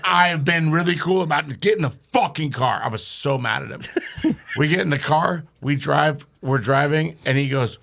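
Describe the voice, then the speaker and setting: Man, slightly high voice, raspy edge, profane, animated storyteller, podcast guest. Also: normal speed. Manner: profane, animated, laughs mid-sentence. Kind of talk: casual comedic storytelling. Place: podcast studio.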